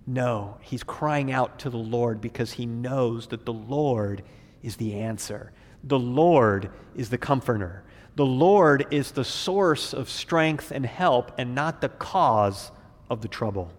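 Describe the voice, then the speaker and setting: A man's voice: medium pitch, slow pace, long reverb tail. A middle-aged male pastor preaching verse by verse, telling stories with animation and voicing scripture dramatically. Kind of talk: verse-by-verse sermon.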